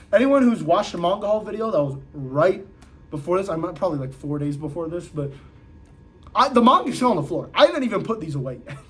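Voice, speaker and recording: A young man reviewing manga in a casual vlog, excitable, swearing often and saying "like" a lot. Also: a little high, slight background noise.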